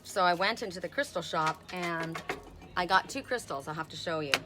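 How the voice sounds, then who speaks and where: A woman's voice: fairly low pitch, moderate pace, background noise. A woman in her fifties giving a chatty live-stream oracle card reading, talking to viewers by name and laughing often. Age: 50s.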